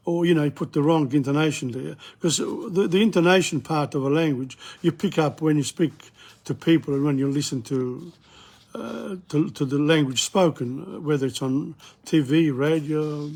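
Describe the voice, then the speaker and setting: An older man teaching a casual language lesson, talking haltingly with many fillers and restarts and repeating words slowly. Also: fairly high pitch, vocal fry, darkish tone, slightly rough.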